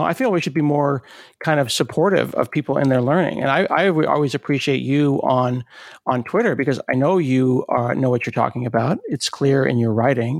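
Middle-aged male podcast host, enthusiastic and chatty, slight gravel in the voice. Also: mid-range voice, no room sound, clean studio sound. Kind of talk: casual interview chat.

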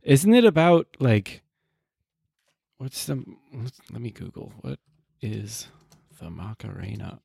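A man's voice: mid-range voice, very animated, slow pace, gravelly, pauses often, darkish tone, husky, no room sound, studio quality. A man chatting casually on a podcast, laughing often and hesitant about his own attempts. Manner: laughing, self-deprecating, hesitant. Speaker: podcast co-host. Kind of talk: casual chat. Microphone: headphones, podcast mic.

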